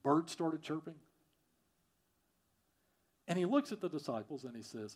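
A man preaching a sermon, repeating phrases and swinging from loud emphasis to quiet, prayerful lines. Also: a little high, big pitch swings, unhurried. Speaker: pastor.

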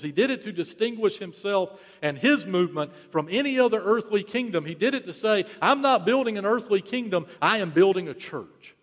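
A pastor preaching a sermon in a fairly high voice, driving his points home with repeated phrases. His volume surges and then drops to a hush. The sound rings with a long hall reverb. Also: expressive, normal speed, few pauses. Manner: rhetorical repetition, swelling and dropping in volume.

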